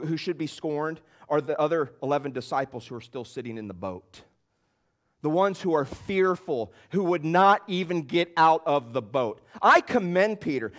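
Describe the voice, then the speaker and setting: A man preaching a sermon as pastor, emphatic and repetitive, with bursts that rise in force. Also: high-pitched.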